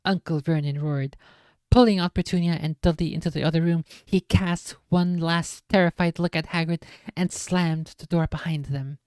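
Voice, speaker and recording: A woman's voice: low voice, steady tone, moderate pace, hardly any pauses, darkish tone, clean tone, no room sound, clean studio sound. A woman streamer reading a book aloud on a casual stream, with playful, self-mocking asides.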